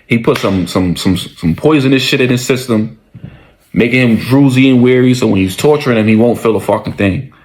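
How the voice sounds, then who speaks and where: A man's voice: medium pitch, brisk, darkish tone. A man casually telling a story in slangy, profane speech, often repeating his lines for emphasis.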